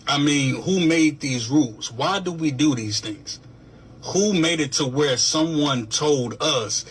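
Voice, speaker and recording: A man's voice: a little high, slow pace, slightly rough. A man venting casually to camera in a weary, repetitive way, sometimes laughing at himself.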